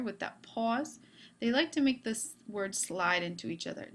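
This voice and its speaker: A woman's voice: medium pitch, expressive, moderate pace. A woman teacher giving a video lesson on French grammar, upbeat with playful asides.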